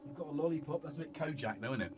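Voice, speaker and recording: A man's voice: a little high, lively intonation, rapid-fire, music in the background. A middle-aged man hosting a casual livestream, rambling and chatty and talking to his cat between thoughts, on a studio microphone. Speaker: livestream host. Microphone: studio dynamic microphone.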